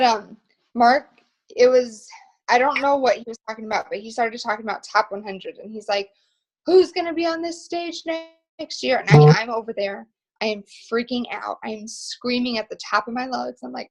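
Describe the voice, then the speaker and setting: A young woman hosting a motivational team video call, telling stories in an excited, emphatic, rambling way. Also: fairly high pitch, vocal fry, rough recording.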